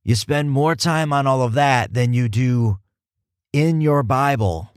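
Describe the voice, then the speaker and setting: A male podcast host teaching in a casual, animated way, stressing points with repeated words and laughing at himself. His voice sits in a middle register and sounds dry and close, with no room sound around it. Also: mid-range voice, unhurried, clear, resonant tone, no room sound. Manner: animated, self-mocking, emphatic repetition.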